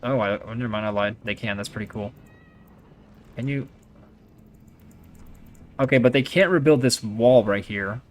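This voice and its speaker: A man's voice: mid-range voice, normal speed, pauses often. A young man giving casual, rambling commentary over his own strategy gameplay, chatty and full of fillers and restarts.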